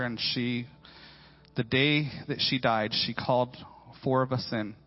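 A man in his forties preaches in a church, dropping to a near hush and then climbing loud as he tells his stories with playful, slangy asides. The sound is dull and lo-fi, with faint music underneath. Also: mid-range voice. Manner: animated storytelling, swinging from hushed to loud. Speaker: pastor. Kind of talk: sermon.

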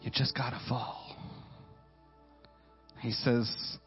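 A man in his forties preaches in a church, dropping to a near hush and then climbing loud as he tells his stories with playful, slangy asides. The sound is dull and lo-fi, with faint music underneath. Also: mid-range voice, very slow. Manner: animated storytelling, swinging from hushed to loud. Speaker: pastor. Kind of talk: sermon.

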